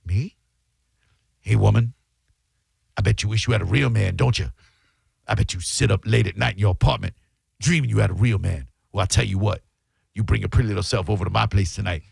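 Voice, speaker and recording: A man doing a comic impression of a gruff, menacing, boastful male boxer in a low taunting drawl. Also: fairly quick, pauses often, no room sound, studio quality, heavily acted. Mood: leering.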